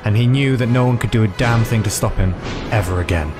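A man narrating a fairy tale in a measured, dramatic reading. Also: fairly low pitch, over music. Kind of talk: storytelling narration.

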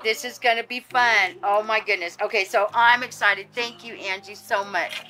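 A woman's voice: mid-range voice, steady tone, normal speed, sharp tone, faint music behind. A woman vlogger chatting casually outdoors while unboxing gifts, gushing and exclamatory with lots of fillers, at times teary. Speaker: vlogger running a reborn doll channel. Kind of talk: casual happy mail unboxing.

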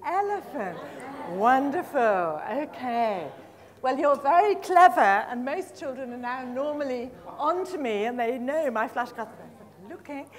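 Lively woman workshop leader, slow and high. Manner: lively and encouraging, praises often, drills words slowly and repeats them. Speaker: teacher trainer giving a workshop. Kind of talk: live workshop demonstration of storytelling with flashcards. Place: conference room with a live audience.

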